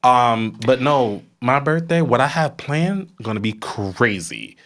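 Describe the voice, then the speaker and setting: A man's voice: medium pitch, lively intonation, slow, a bit bright. Affectionate man co-hosting a podcast. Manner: affectionate, hypes up his co-host. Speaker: podcast co-host. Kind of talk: casual chat.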